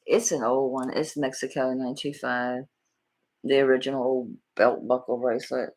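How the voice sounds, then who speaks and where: A woman's voice: rumbling low, little pitch movement, moderate pace, a little mellow, a little hiss or hum. A middle-aged woman with a Southern accent, chatting folksily with viewers by name while selling jewelry on a live stream. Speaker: jewelry auction seller. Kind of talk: live-stream sales chat.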